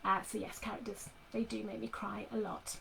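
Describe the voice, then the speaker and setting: A woman's voice: mid-range voice, flat delivery, fairly quick, gravelly, a bit bright, slight background noise, poor audio. A middle-aged woman author chatting casually with readers from her home office, full of fillers and restarts. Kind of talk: casual live chat with readers.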